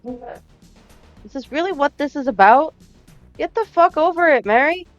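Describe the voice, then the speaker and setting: A woman voicing a furious, foul-mouthed young man who shouts and sneers. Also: medium pitch, animated, moderate pace, no echo, lo-fi sound, faint music behind, lightly acted. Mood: yelling. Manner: shouting, swearing, contemptuous.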